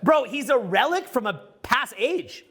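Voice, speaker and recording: A middle-aged man giving a casual, profane, rambling talk to a live audience as a social skills coach, loud and excitable. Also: very high voice, unhurried.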